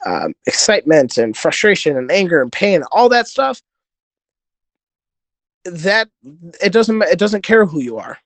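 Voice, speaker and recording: A man's voice: high-pitched, big pitch swings, unhurried, long pauses, no echo. A man guest on a podcast, telling an earnest, rambling story full of fillers and restarts. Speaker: podcast guest, jiu-jitsu competitor. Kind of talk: casual conversation.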